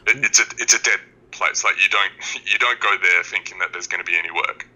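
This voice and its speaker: A man's voice: deep voice, brisk, pushed and bright, poor audio. An Australian man in his thirties, calling in to a show and chatting casually in a laid-back, explaining way. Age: 30s. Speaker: caller. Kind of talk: casual call-in chat.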